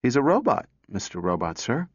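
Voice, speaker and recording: A man's voice: mid-range voice, big pitch swings, fairly quick, slightly rough, dry recording. A man voicing a small girl who talks in an earnest, polite, breathless way. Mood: pleading. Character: small pleading girl searching for her robot. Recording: dull dry recording.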